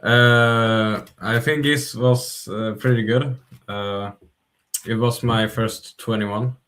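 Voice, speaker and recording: A man speaking as a guest in a casual livestream chat, hesitant and pausing on fillers. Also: mid-range voice, steady tone, fairly bright tone. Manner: hesitant, many filler pauses. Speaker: podcast guest.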